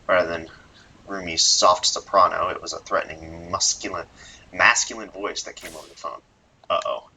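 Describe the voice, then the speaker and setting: A man reading a visual novel's narration aloud in an expressive way, then chatting casually. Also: low-pitched, moderate pace, a little hiss or hum, poor audio. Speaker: let's play narrator.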